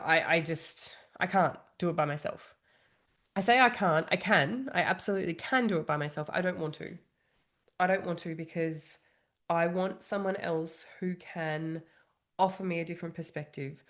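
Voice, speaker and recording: A woman in her thirties, a trauma coach, talking candidly and reflectively to camera, openly vulnerable, with frequent "you know" and "like". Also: lowish voice. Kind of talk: candid solo monologue.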